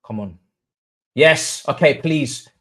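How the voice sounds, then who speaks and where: Excitable young man streaming football. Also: on the high side, takes it slowly. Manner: excitable, swings from murmurs to hype chants. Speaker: livestream host. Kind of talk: live football watch-along chat.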